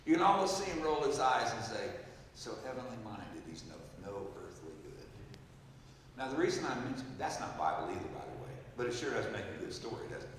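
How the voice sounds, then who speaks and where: A man in his seventies preaching a storytelling sermon, swinging from loud exclaiming to hushed quoted words. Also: mid-range voice, big pitch swings, brisk, a little hiss or hum. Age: 70s. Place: large church hall. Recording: echoey hall, mic from far off.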